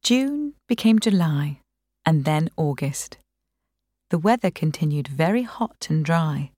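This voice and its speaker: Slow, calm woman reading a novel. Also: low-pitched, dry recording, studio quality. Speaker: narrator. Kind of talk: audiobook reading.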